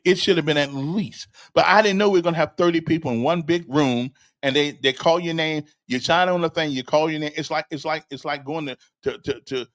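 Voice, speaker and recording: A man's voice: fairly high pitch, fairly bright tone. An older man hosting a casual stream, telling a rambling story with stammers, repeated words and chuckles, and talking straight to a listener. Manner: chuckles often and talks directly to a listener. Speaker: host. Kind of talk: casual livestream chat.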